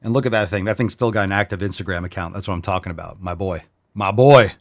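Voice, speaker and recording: A brash, profane man in his forties from New York hosts a casual fitness show. His voice sits on the low side, and he riffs loudly on viewer meals, cutting in with sound effects. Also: fairly even intonation, rapid-fire. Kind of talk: casual chat reading viewer posts.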